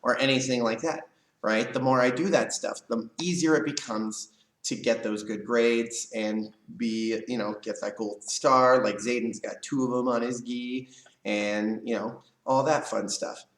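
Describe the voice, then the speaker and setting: A man's voice: medium pitch, steady tone, a bit bright. A man instructor explaining a lesson to kids in a karate class, often checking in with "right?". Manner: explains slowly with many "right?" check-ins. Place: karate studio, indoors. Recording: echoey room from a distance.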